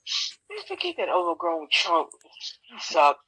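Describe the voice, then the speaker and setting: Husky man with a bright voice, blunt. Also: sits high, huge pitch swings, a little slow, rough recording. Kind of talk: casual chat.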